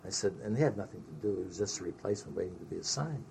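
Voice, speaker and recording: Older gravelly man telling war stories. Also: deep voice, very fast, slight background noise. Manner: animated storyteller, sprinkles Yiddish words. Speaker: interviewee recalling army service. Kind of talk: oral history storytelling.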